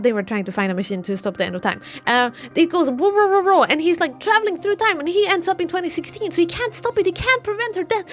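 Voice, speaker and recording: A woman streamer casually recapping a game's story in an excitable, rambling way. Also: very high voice. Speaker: let's play streamer.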